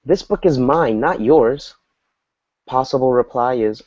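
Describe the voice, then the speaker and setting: A man teaching an English lesson to a small group, explaining slowly and patiently and acting out example dialogues. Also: mid-range voice, expressive, darkish tone. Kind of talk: online group language lesson. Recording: dull lo-fi audio.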